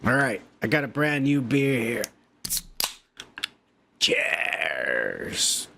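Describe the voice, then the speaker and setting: A male podcast host, drunk and high, rambling through profane, joking commentary. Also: steady tone, moderate pace, a bit bright, a little hiss or hum. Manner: profane, rowdy, jokey.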